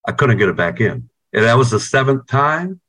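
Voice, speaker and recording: A guitarist telling stories in a casual interview over a video call, rambling and swearing constantly. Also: male voice, mid-range voice, very animated, normal speed, a bit bright. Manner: rambling, profane, heavy on "you know". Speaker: guitarist in a band.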